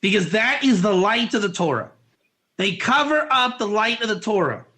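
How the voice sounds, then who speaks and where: Male Torah teacher, high and bright, excitable, asks rhetorical questions. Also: normal speed. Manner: excitable, rhetorical, voice jumps up when animated. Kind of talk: animated Torah class.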